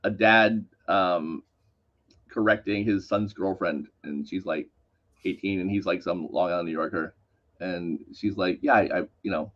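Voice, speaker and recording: A man's voice: sits low, moderate pace. A man co-hosting a casual talk show, joking and chiming in with teasing remarks. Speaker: co-host. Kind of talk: casual podcast chat. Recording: dull lo-fi sound.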